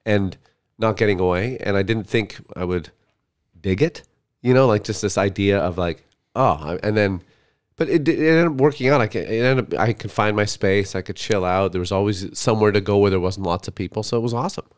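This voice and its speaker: A man's voice: on the low side, brisk. Rambling comedian guest, a man. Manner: rambling storyteller, many fillers. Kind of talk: casual podcast chat.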